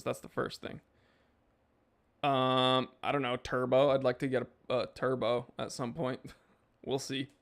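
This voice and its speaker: A man's voice: medium pitch, creaky. A man hosting a live stream, reading chat messages and answering in a laid-back, rambling way with lots of fillers.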